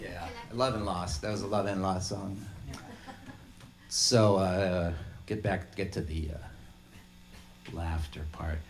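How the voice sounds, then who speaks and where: A man's voice: sits low, fairly even intonation, takes it slowly, long pauses. A man, a musician, rambling and laughing as he tells a story between songs at a small intimate live show.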